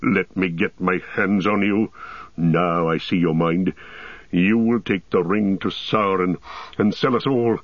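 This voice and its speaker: A man's voice: deep voice, fairly even intonation, unhurried, no room sound. A man voicing a proud, volatile tall warrior who speaks in an impassioned, declamatory way. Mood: furious. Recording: dull, dry audiobook recording.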